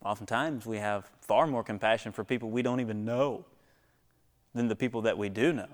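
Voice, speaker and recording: A man preaching a sermon, swinging from hushed near-whispers to loud, high exhortations, with rhetorical questions and calls to the congregation. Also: fairly quick. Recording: long echo of a large hall.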